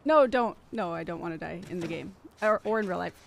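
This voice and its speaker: A woman streamer reacting to a game, jumpy and excitable, often screaming, laughing and swearing. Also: on the low side, brisk, gravelly. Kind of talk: live gameplay reactions. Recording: game noise under the voice.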